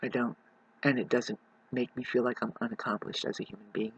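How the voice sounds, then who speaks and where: Husky, intense voice in a profane rant. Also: medium pitch, flat delivery, brisk, highs cut off. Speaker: vlogger. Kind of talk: rambling rant to camera. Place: rural mountain home.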